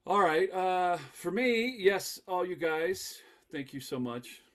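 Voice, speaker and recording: A man hosting a casual podcast chat, animated and laughing often as he leads the talk. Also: sits high, slow pace. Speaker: podcast host.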